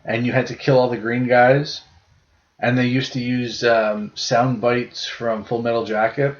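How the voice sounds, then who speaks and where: On a dull, lo-fi podcast recording, a young male co-host with a mid-range voice talks a little slowly, with little pitch movement. He rambles through stories in casual chat, swearing a lot.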